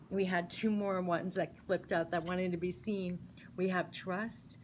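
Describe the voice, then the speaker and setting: A woman's voice: lowish voice, slight background noise, rough recording. A woman doing a casual spiritual card reading, earnestly reading card messages aloud between her own remarks. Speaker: tarot reader.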